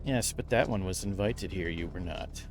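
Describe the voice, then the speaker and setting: A man's voice: low voice, moderate pace, soft background music. A man as a cold, commanding demon goat lord. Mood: menacing. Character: menacing male demon goat lord of the land.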